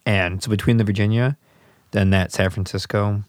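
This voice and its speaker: A man's voice: fairly low pitch, fairly even intonation, moderate pace, no echo, studio quality. A man hosting an interview podcast, chatting casually and teasing his guest. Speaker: podcast host.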